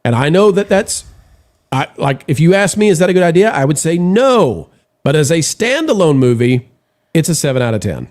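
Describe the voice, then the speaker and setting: A man's voice: on the high side, sing-song, moderate pace, a little mellow. A man hosting a casual live-stream show, rambling with fillers while reading viewer messages aloud. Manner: rambling, full of fillers and restarts.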